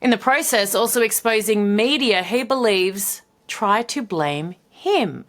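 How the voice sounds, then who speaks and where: A woman host narrates scripted commentary between clips. Her pitch swings in a lively, animated way and she leans hard on key words for dramatic effect. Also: unhurried. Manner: punchy, dramatic emphasis. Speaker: show host.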